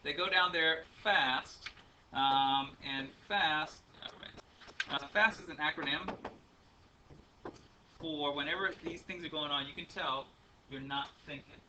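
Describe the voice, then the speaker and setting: A man's voice: on the high side, takes it slowly, long pauses, sharp tone. A man teaching a math class, lecturing in a chatty, rambling way with many ums and uhs. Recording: faint room noise, speaker a bit far from the mic.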